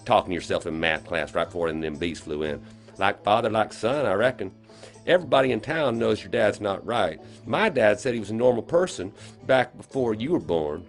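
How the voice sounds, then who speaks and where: A man's voice: lowish voice, animated, brisk, creaky, soft background music, pitched above the performer's own voice. A man voicing a cocky, cruel schoolboy bully who sneers and mocks. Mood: sneering. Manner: sneering, mocking.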